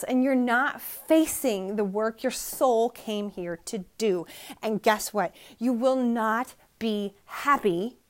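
A middle-aged woman hosting a solo motivational podcast from her bedroom, preaching with emphatic repetition and sounding emotionally drained. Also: on the high side. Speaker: podcast host.

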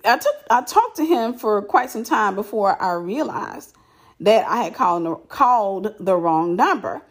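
A woman telling a personal story in casual chat, animated and repeating herself for emphasis. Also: medium pitch, a little slow.

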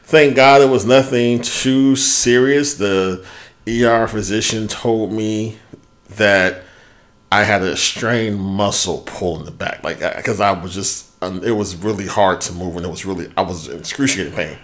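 A man co-hosting a podcast, telling a story in casual chat, animated and swearing freely as he goes. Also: lowish voice, unhurried. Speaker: podcast co-host.

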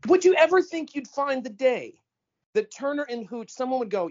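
A man co-hosting a podcast in casual chat, animated and emphatic, often cutting in. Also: extremely high pitch. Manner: animated, emphatic, quick to interrupt. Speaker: podcast co-host. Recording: slightly dull lo-fi audio.

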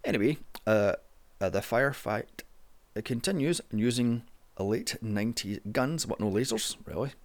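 A man's voice: medium pitch, expressive, normal speed. A man narrating a casual movie review in a sarcastic, sweary way.

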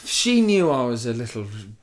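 A man's voice: mid-range voice, very animated, fairly quick, over a noisy crowd. A young man co-hosting a podcast, telling rambling stories and laughing through them. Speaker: podcast co-host. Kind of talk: casual banter.

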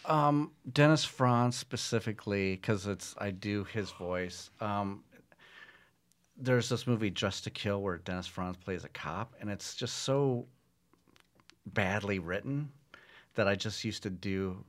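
A middle-aged man, a comedy writer, chatting in an interview in a relaxed way, laughing easily. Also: on the low side, takes it slowly. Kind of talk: casual interview chat.

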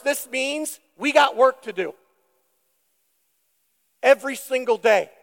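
A male pastor preaching a sermon, deliberate and emphatic, putting questions to the congregation. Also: very high-pitched, creaky, fairly bright tone, big-room sound.

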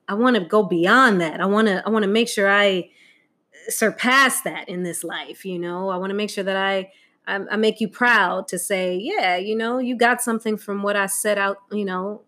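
A medium-pitched, fairly bright voice belongs to a middle-aged guest sharing a Mother's Day tribute, telling a heartfelt, candid story about her mother with frequent laughter and acted-out voices.

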